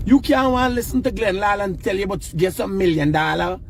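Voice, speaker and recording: High and lively in intonation, this man talks a little fast with vocal fry, and there's slight background noise. He's a Guyanese vlogger outside near work sites, casually and emphatically lecturing people walking by about money and work in Creole-tinged speech.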